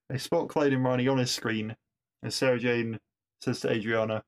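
Male podcaster, mid-pitched, conversational recap voice, amused, stumbles and restarts freely. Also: little pitch movement, moderate pace. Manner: chatty, amused, with frequent restarts. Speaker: podcast reviewer. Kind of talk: casual episode recap.

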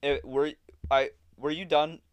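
Laughing argumentative young guy, smooth voice, dry close sound. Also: fairly high pitch, flat delivery, measured pace, no room sound. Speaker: podcast co-host. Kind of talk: casual sports debate.

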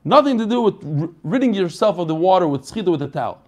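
A man's voice: high voice, lively intonation, quick pace, a little mellow. A man teaching an online Talmud class in a casual, chatty way, asking questions and answering them himself.

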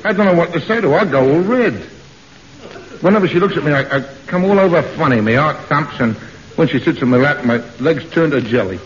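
A man's voice: on the high side, brisk. A middle-aged man in a 1950s British radio comedy, playing a bashful, lovestruck tough. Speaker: comic co-star in a radio sitcom. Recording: dull old radio recording.

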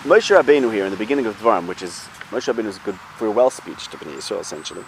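A man's voice: on the low side, animated, very fast, slight background noise. A man giving an informal Torah lesson, talking things through conversationally with rhetorical questions and restarts. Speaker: Torah teacher.

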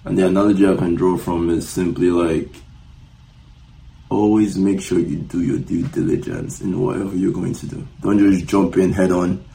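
Young co-host; low, gravelly voice, relaxed casual delivery. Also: male voice, moderate pace, a little hiss or hum, rough recording. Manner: laid-back, hypes up the audience. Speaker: podcast co-host. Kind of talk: casual chat.

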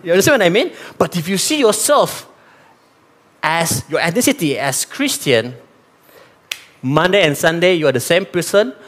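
This sermon comes from a man from Sarawak, East Malaysia, who has a Malaysian accent and a voice on the high side. He speaks at a moderate pace with long pauses. He talks straight to the congregation in an animated way, slipping in Malay phrases.

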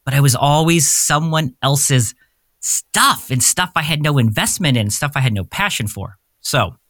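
A man's voice: a little high, expressive, normal speed, fairly bright tone, no echo, clean studio sound. A man in his forties, a podcast guest telling his story in a candid, rambling way and often searching for words. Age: 40s. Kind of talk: casual interview storytelling.

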